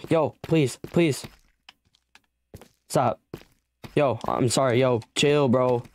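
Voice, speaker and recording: A man's voice: mid-range voice, very slow. A young man giving let's play commentary, frantic and pleading as he bargains with the creatures in his game. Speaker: gamer.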